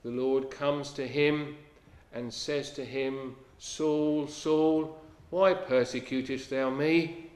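A man preaching a sermon in an earnest manner. He quotes scripture in old-fashioned English and drops to a hush on key lines. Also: mid-range voice, fairly even intonation, slow pace, roomy sound.

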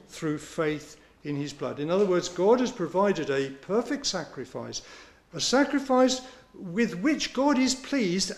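A man delivers a sermon, working through scripture passage by passage. He speaks slowly and deliberately in a slightly raised register. He leans on the important phrases so they land with emphasis. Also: fairly high pitch. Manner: slow, measured delivery with emphatic rises on key phrases. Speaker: preacher.

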